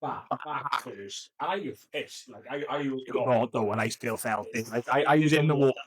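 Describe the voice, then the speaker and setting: Young man for a podcast guest: a rambling, sweary, self-mocking storyteller with a mid-pitched voice, recorded dry and close. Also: brisk, dry recording, poor audio. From Wales. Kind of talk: casual chat.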